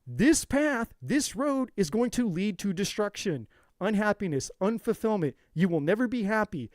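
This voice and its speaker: Guy on a live tarot stream, preachy and swears a lot, kinda high voice. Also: big pitch swings, normal speed, darkish tone, dry recording, clean studio sound. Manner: preachy, profane, repeats himself for emphasis. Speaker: tarot reader. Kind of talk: live-stream spiritual talk.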